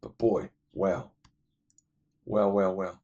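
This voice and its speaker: Brief: a low, husky-voiced man chatting casually about his favourite films. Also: steady tone, slow, dark tone, dull audio. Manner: rambling, enthusiastic, many fillers. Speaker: movie reviewer. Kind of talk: casual movie recommendations.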